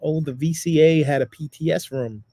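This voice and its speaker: A man's voice: fairly high pitch, steady tone, moderate pace, dark tone, dry recording. A man co-hosting a podcast in casual chat, easygoing and hesitant, with many fillers. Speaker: podcast co-host. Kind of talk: casual chat, reading comments.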